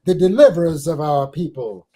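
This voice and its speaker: Older man with a mellow voice, telling stories. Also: a little high, lively intonation, low-quality recording. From Caribbean islands. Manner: slow, theatrical recitation with big swells and drops. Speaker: interview guest, spiritual teacher. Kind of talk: storytelling and dramatic poetry recital.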